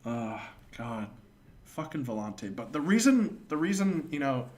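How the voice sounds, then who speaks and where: A male streamer telling a story in casual chat, animated and swearing freely, pausing to thank donors. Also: medium pitch.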